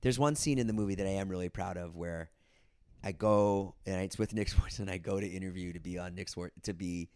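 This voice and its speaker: His voice is low-pitched, clear and resonant with a darkish tone, moving a little fast in a dry, clean studio recording. The man, a comedian and filmmaker on a podcast, rambles through casual stories and acts out others' words in put-on voices.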